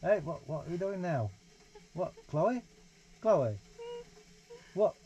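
A man's voice: fairly high pitch, very animated, slow, dark tone, muffled recording. A young man, reading a picture book aloud to his baby in playful sing-song baby talk, inside a small caravan. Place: small holiday caravan, indoors. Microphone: 360 VR camera nearby.

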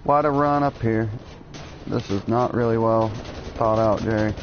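A man's voice: lowish voice, unhurried, highs cut off, slight background noise. Swearing man rambling over gameplay. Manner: rambling, swears often, absurd tangents. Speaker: let's play gamer. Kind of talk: jokey gameplay commentary.

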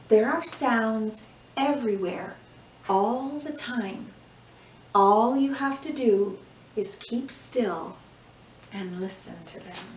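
A woman reading a picture book aloud to young children, slow and gentle, acting out the sounds, then leading breathing and movement. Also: on the high side, a little hiss or hum. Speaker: children's yoga and mindfulness teacher. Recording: echoey room, mic at a distance, soft music.

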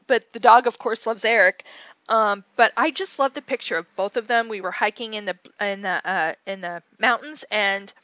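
A rambling, chatty woman tells a story and explains her craft steps in a casual way. Her voice sits a little higher than most, and the recording is close and dry with no room sound. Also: fairly bright tone, no echo. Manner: chatty, rambling, with many fillers and restarts. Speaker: scrapbooking channel host.

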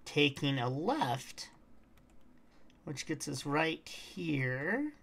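Woman streamer, low creaky voice with animated swings; chatty walkthrough commentary, sings bits. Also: very slow. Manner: chatty, talks to her pet and chat, hums and sings snatches. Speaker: streamer playing a game. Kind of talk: casual game walkthrough commentary.

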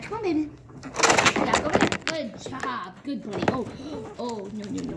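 A woman's voice: on the high side, animated, normal speed, gravelly. A young woman vlogging casually at home while cleaning a rabbit cage, rambling and playfully scolding her pets. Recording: loud background noise.

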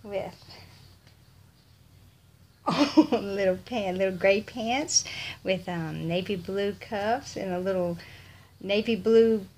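Gushing Texan woman, slow and drawn-out. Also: medium pitch, a little mellow. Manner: gushing, breathless with delight, slips into whispers. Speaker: vlogger. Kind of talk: casual unboxing vlog.

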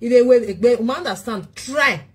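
A woman's voice: a little high, expressive, moderate pace, husky. A woman with a Nigerian accent pleading at length in a casual talk show monologue, repeating short questions.

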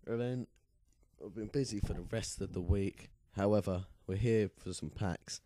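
A young man hosting casual gameplay commentary with a lingering cough, chatty and quick to get excited. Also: on the low side, a little hiss or hum. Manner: chatty, excitable when reacting. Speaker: gaming channel host.

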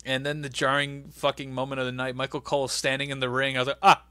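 A man co-hosting a podcast, recapping events in animated casual chat and acting out what others said. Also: medium pitch, quick pace, clear, resonant tone, no echo. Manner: animated storyteller, acts out quotes. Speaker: podcast co-host.

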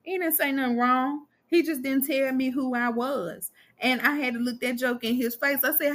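A woman in her twenties holds forth on her podcast in a loose, casual monologue. She speaks bluntly and emphatically, swearing freely and addressing listeners directly. Her voice sits a little high and sounds bright and forceful. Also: fairly even intonation, normal speed, hardly any pauses. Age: 20s. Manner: blunt, profane and emphatic, talks straight to listeners. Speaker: podcast host.

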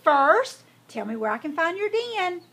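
A woman's voice: very high-pitched, big pitch swings, a little hiss or hum, voice pushed up, full character voice. Woman doing a sassy clever baby pig girl. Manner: quick and sharp-tongued. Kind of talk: storybook reading.

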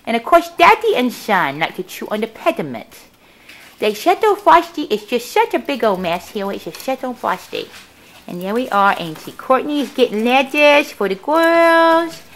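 A woman's voice: fairly high pitch, sing-song, normal speed, a bit bright. A woman showing her guinea pigs in a casual home video at home, talking in cooing baby talk to her pets, filmed on a handheld camera. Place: indoors at home.

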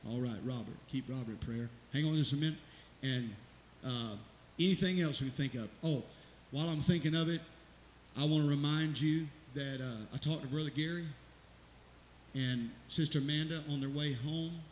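A man's voice: on the high side, normal speed. A middle-aged man, a pastor giving rambling, folksy church announcements and exhortation in a church sanctuary. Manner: folksy, rambling, preacherly, rising to loud exclamations. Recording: echoey church hall with hiss.

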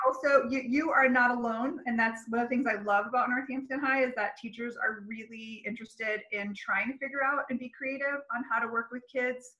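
Bright-voiced woman school counselor. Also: fairly high pitch, steady tone, a little fast, few pauses, echoey room, dull audio. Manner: friendly, chatty, laughs easily. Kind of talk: casual interview chat.

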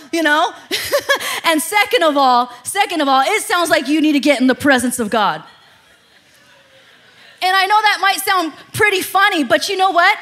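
A woman in her thirties preaches with a very high voice. Her tone is bright and forceful. She keeps it conversational and animated, with frequent laughs. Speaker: pastor. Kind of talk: sermon.

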